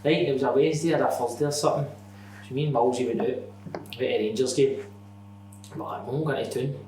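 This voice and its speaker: A young Scottish man telling sweary, animated stories on a podcast, laughing through them. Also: medium pitch, fairly quick, crowd noise. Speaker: podcast guest. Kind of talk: casual anecdote telling. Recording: echoey room, distant mic.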